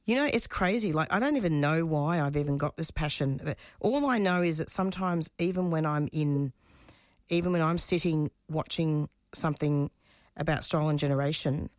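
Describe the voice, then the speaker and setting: A woman's voice: deep voice, moderate pace, dry recording, studio quality. A woman from Australia, a community radio producer and host, speaking frankly and emotionally as an interview guest, often repeating herself. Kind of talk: interview guest, candid conversation.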